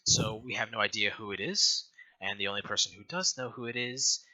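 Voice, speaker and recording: A scarf-masked rebel woman, put on by a man, speaking in a muffled, quiet, grave voice with a tense edge. Her words come out low and soft. This is tabletop role-play. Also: expressive, brisk.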